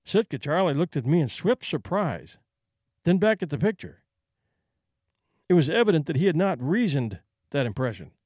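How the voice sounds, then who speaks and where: A man narrating a short story with a measured, expressive delivery in a dry recording. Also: fairly high pitch, no echo.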